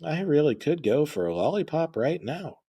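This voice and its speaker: A man's voice: fairly high pitch, sing-song, moderate pace, warm tone, husky. A man narrating a comedic horror-parody story with crude, rambling, self-deprecating jokes.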